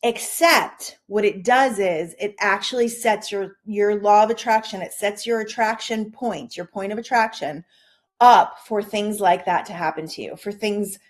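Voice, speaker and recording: A middle-aged woman hosting a personal-growth show, telling a story from her own life in a lively, conversational way and repeating key phrases for emphasis. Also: medium pitch, unhurried. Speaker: podcast host. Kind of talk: personal storytelling and self-help talk.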